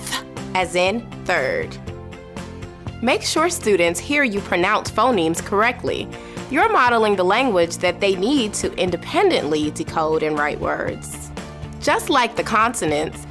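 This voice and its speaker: A woman reads a scripted teaching narration, pronouncing each speech sound with slow, careful precision. Her pitch moves in a lively, animated way. Clear music plays behind her voice. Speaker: reading instructor.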